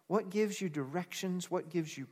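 A man's voice: high voice, moderate pace, a little mellow. A man preaching a sermon as pastor, reading scripture and building to emphatic, repeated calls to the congregation. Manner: preaching with rising emphatic bursts and call-and-response. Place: church sanctuary. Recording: long reverb of a large hall.

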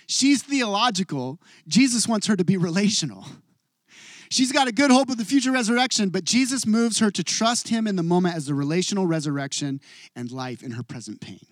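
A middle-aged man preaching a sermon as pastor, expressive, moving between hushed and emphatic delivery. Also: on the high side, dry recording, studio quality.

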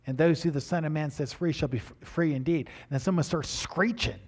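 An older man preaching and telling a story in a sermon, animated, with frequent repeated restarts. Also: a little high, fairly quick. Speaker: pastor.

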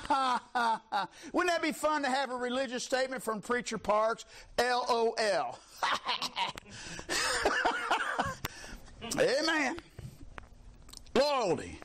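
A man preaching a fiery sermon, shouting, mocking and laughing as the congregation answers back. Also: extremely high pitch, a little hiss or hum.

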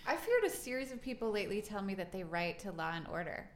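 A woman co-hosting an interview, chatty with quick interjections. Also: mid-range voice, sing-song. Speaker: podcast co-host. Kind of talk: casual interview chat.

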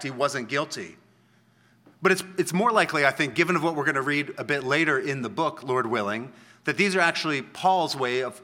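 A man preaching a sermon, explaining scripture in a conversational teaching manner, checking in with the listeners and slowing down to quote verses with emphasis. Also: medium pitch, sharp tone. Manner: conversational teaching, frequent "right?" tags, slow emphatic quoting of scripture. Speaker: pastor.

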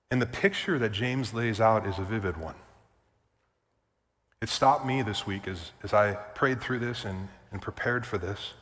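A man's voice: on the low side, a bit bright. A male pastor preaching a sermon, emphatic and repetitive, with casual asides to the congregation. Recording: long church reverb.

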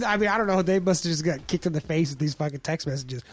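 High-voiced man telling a rambling story. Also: fast talker. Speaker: podcast co-host. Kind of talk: casual chat.

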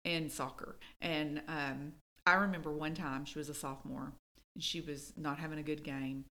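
A woman telling stories in casual chat as a podcast co-host, animated when she quotes people. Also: low-pitched, normal speed. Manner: storytelling, animated when quoting.

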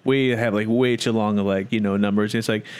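A man's voice: on the low side, steady tone, brisk, a little mellow, smooth. A man, a wedding photographer, chatting casually on a podcast, rambling and slipping into voices when he quotes people. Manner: rambling storyteller who acts out quotes.

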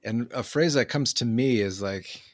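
A man in casual conversation, talking in a halting, reflective way with many fillers and restarts. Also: mid-range voice, dry recording, clean studio sound. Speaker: conversation partner.

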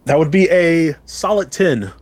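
A man's voice: a little high, lively intonation, a little slow, dry recording. Hesitant male tabletop player. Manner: hesitant, asks rule questions. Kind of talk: casual chat.

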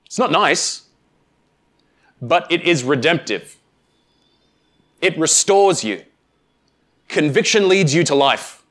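Male pastor, sermon, emphatic, slightly higher voice, deliberate pauses. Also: lively intonation, fairly bright tone. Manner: emphatic, deliberate pauses, direct address to congregation.

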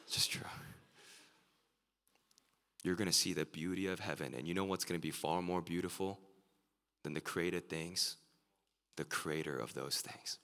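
Deep gravelly-voiced male pastor preaching. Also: moderate pace. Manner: earnest, builds to excited emphasis. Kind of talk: sermon. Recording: live sermon with long hall reverb.

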